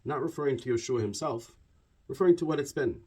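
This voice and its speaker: This is a man with a slightly husky, mid-pitched voice who holds forth in a loose, conversational monologue. He wanders off on tangents and stacks repeated words for emphasis. His delivery stays animated and chatty throughout. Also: fast talker. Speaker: religious commentator.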